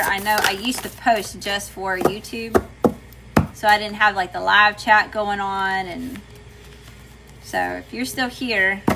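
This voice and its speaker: A woman's voice: mid-range voice, noisy background. A chatty woman with a Southern US accent, doing a casual livestream tarot reading and greeting her chat. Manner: chatty, folksy, says y'all often.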